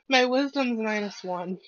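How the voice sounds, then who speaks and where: A woman with hiccups plays in a tabletop game, describing her moves in a playful, joking tone. Her voice sits fairly high and the recording is muffled. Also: a bit bright, no room sound. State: has hiccups. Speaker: player.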